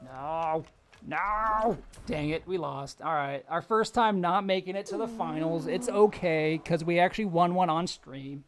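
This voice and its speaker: A man's voice: a little high, measured pace. A young man streaming a game live, chatting casually with viewers, telling stories and laughing often. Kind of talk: casual live-stream chat while gaming.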